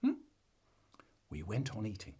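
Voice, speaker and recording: Male storyteller. Husky, lively pitch, deadpan comic delivery. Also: unhurried. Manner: dramatic swings between deadpan and loud.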